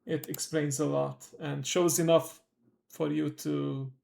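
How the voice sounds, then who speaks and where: A man's voice: on the high side, little pitch movement, takes it slowly, creaky, darkish tone. A male streamer hosting his own stream, chatting casually in a rambling way, full of fillers and self-corrections. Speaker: streamer host. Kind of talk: casual livestream chat.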